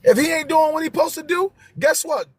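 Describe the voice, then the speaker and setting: A man's voice: very high-pitched, fairly quick, no room sound. A man, hosting a live stream and talking to viewers with passion, repeating his key phrases for emphasis.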